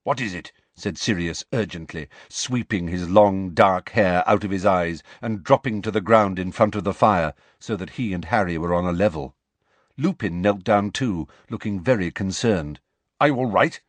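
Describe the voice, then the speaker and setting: A man's voice: low-pitched, moderate pace, no echo. A man narrating a novel as an audiobook reader, telling it expressively. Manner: expressive storytelling. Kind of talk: scripted narration.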